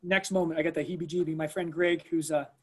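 A man recounting an emergency at school in a conversational interview. He talks in an animated way, with many fillers and restarts, and acts out the things people said. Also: a little high, quick pace.

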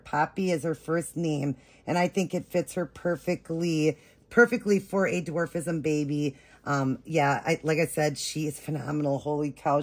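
A woman vlogger chatting excitedly to her viewers while unboxing, gushing with drawn-out exclamations. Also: deep voice, breathy edge. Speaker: reborn doll vlogger.

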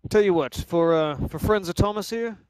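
A man puts on a stout, bearded dwarf smith with a gruff, plainspoken way of talking. The voice sits fairly high. The sound is dry and close. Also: normal speed, a little mellow, no echo, close to an everyday voice.

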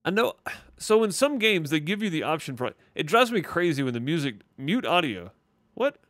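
In a slightly high, somewhat bright voice with big swings in pitch, a man with a Mississippi Southern accent gives loose commentary on the game he's streaming. He speaks at a moderate pace, rambling, replying to chat, and using a lot of fillers, with no room sound in the recording.

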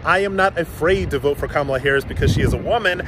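A man's voice: a little high, quick pace, background noise. A man making a firm, defiant political statement to camera.

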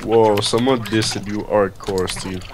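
A man's voice: on the low side, steady tone, takes it slowly, background noise. A non-native English-speaking man on a voice call, teasing and blunt in broken English. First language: not English. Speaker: friend on a voice call.

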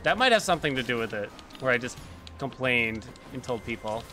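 Bright guy streaming a game, chatty, reacts to everything, some music behind. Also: mid-range voice, animated, fairly quick. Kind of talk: casual gameplay commentary.

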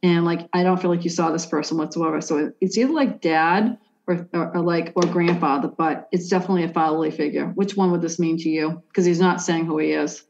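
A woman with a lowish voice works through a psychic reading, hesitating, restarting and leaning on "like" as she goes. The sound is dull and lo-fi. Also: fairly even intonation, fairly quick, vocal fry, few pauses, darkish tone. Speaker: psychic medium. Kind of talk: conversational reading for a sitter.

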